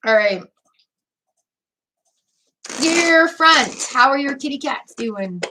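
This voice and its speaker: Woman tarot reader, slightly higher voice, gushing and teary, addresses viewers directly over a webcam mic. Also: lively intonation, slow, very noisy. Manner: gushing, emotional, talks straight to viewers. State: teary, weepy. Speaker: tarot reader hosting a livestream. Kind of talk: live tarot reading chat.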